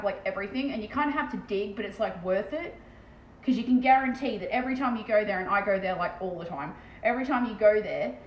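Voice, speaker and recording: An Australian woman in her thirties from Western Australia, chatting casually on a live stream while painting, blunt and self-mocking with plenty of swearing. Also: mid-range voice. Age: 30s. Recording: roomy, dull lo-fi sound with faint background noise.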